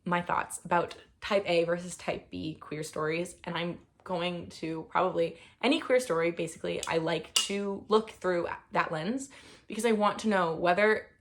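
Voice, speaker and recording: A woman's voice: fairly low pitch, normal speed. A woman reviewing books in a casual, rambling chat, full of fillers and gushing enthusiasm. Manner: rambling, with many fillers and restarts. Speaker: book reviewer.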